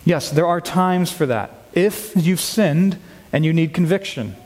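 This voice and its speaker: A man preaching a sermon to his church, earnest and emphatic, slowing down to read scripture aloud. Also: fairly high pitch, a little mellow, in a large hall. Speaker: pastor. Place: church sanctuary.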